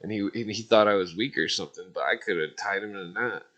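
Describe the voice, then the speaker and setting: A man's voice: lowish voice, fast talker, a bit bright, dull audio. A man calling in to a live stream, telling rambling stories in casual talk, swearing constantly and filling gaps with filler words. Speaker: caller on a live call-in stream.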